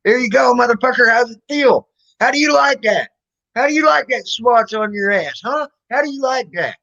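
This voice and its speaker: A man voicing his furious mother as she scolds a principal, shouting and cursing. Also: extremely high pitch, expressive, normal speed, gravelly, dull audio, voice pushed up, full character voice. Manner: shouting, profane.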